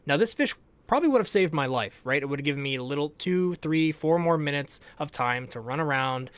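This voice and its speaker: A young man telling a lively, casual recap of a survival game as a YouTuber, often laughing and letting his phrases trail off quietly. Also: a little high, fairly quick, smooth, dry recording. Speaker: gaming YouTuber.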